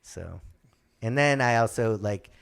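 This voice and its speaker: A man guest in a casual podcast chat, telling animated anecdotes and acting out the voices of people he quotes. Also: fairly low pitch, a little slow, creaky, clear, resonant tone. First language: speaks German from a German mother.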